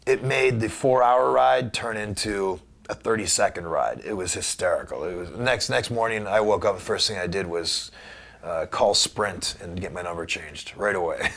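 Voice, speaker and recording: A man being interviewed, telling a story in a casual, animated way and acting out the voices of the people in it. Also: deep voice, normal speed, creaky. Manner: animated anecdote teller who acts out quoted voices. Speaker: guest wrestler.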